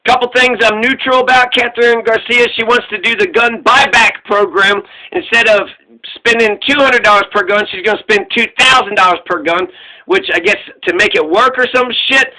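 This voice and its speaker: High, bright-voiced sarcastic man ranting. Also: moderate pace, rough recording. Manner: sarcastic, profane, mocking. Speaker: political commentator. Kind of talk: casual commentary rant.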